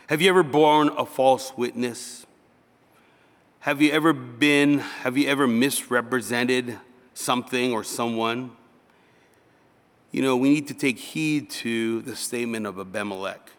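A man's voice: medium pitch, a little slow, fairly bright tone. Pastor guy preaching, chatty, slips into little skits, long hall reverb. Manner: conversational, acts out little dialogues. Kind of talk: sermon.

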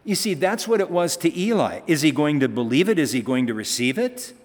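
A man's voice: a little high, big pitch swings, a little fast. A male pastor giving a conversational sermon, reading scripture and then explaining it, with emphatic passages. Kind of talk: sermon, Bible teaching. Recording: reverberant hall.

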